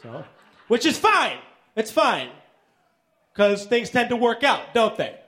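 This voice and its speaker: A man performing stand-up comedy, delivering deadpan one-liners on stage. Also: extremely high pitch, slow.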